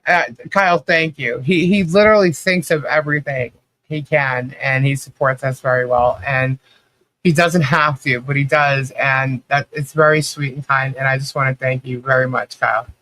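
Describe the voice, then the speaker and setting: A man's voice: medium pitch, steady tone, moderate pace, bright, forceful tone. A man hosting a casual livestream, telling rambling stories with lots of fillers and laughter. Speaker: livestream host. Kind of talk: casual chat.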